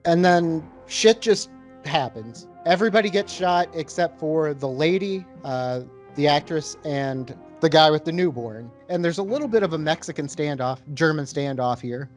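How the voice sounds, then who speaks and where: A man hosting a relaxed podcast with a voice pitched a little above average. He rambles in an easy, unhurried way, leaning on "like" and "you know" as he talks. His delivery is loose and conversational. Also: soft background music. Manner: relaxed, rambling, heavy with fillers. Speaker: podcast host, beer taster. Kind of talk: casual chat.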